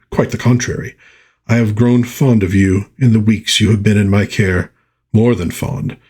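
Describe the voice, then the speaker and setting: A man's voice: lowish voice, darkish tone, husky. A man reading a comic aloud, voicing a courtly thousand-year-old male alchemist villain in a grand manner. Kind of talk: dramatic comic book reading.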